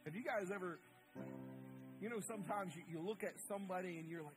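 A man preaching from a church stage with a fairly high voice that climbs even higher when he gets worked up. He acts out the figures in the story with big swings in tone. A band plays clearly behind him. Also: quick pace, music in the background. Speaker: pastor. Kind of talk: sermon. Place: church sanctuary.

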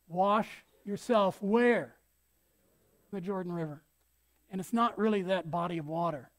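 A woman pastor preaching a sermon in an animated way, acting out quotes with big swings in loudness. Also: on the low side, a little slow, pauses often.

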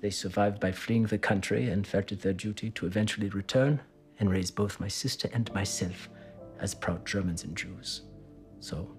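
A calm, patient psychiatrist. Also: male voice, fairly low pitch.

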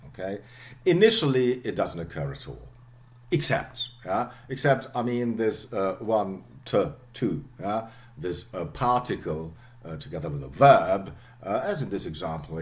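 Middle-aged male lecturer, very low voice, animated delivery, lots of "okay". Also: moderate pace. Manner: explanatory, frequent "okay" and "um", voice drops low at phrase ends. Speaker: university lecturer.

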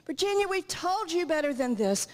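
A woman's voice: very high voice, sing-song, normal speed, pitched above the performer's own voice. A woman playing a ranting, shamed father. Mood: angry, ranting. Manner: scolding, then coaxing. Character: upset father of a 1940s teenage girl. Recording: reverberant church hall.

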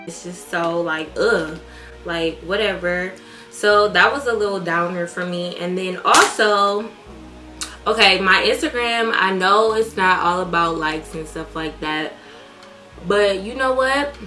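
Over music in a roomy space, a young woman with a lowish voice speaks unhurriedly. Doing her makeup for a beauty vlog, she chats candidly and animatedly, swearing a lot.

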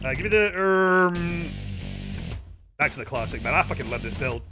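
A man's voice: on the high side, expressive, normal speed, over music. A man streaming a video game, chatting casually with viewers in a rambling way and swearing freely. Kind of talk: casual live-stream chat while gaming.

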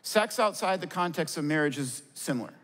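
A pastor with a notably high voice delivers an earnest sermon, asking questions and answering them himself. His words ring out through a large hall with a long, lingering reverb. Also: animated, fairly quick, a bit bright. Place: church stage before a congregation.

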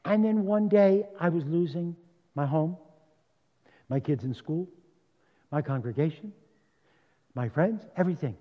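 Older rabbi telling a dramatic sermon story. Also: male voice, fairly high pitch, lively intonation, measured pace, pauses often. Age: 70s. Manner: dramatic storytelling with sudden loud and hushed swings. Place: congregation's sanctuary. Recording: dull, with long hall reverb.

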